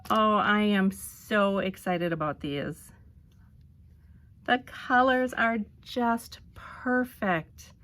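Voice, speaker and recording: A woman vlogger narrating an unboxing, gushing with delight and often pausing with ums. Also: mid-range voice, a bit bright. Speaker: crafting vlogger.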